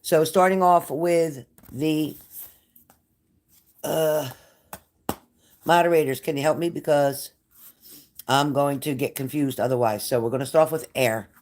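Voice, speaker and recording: A woman's voice: low voice, measured pace, pauses often, darkish tone. An older woman talks straight to her live-stream viewers in a loose, chatty way. She is emotional and scattered, jumping from one thought to the next as she gets ready to give a reading. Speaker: psychic reader hosting a live stream. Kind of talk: casual live-stream chat.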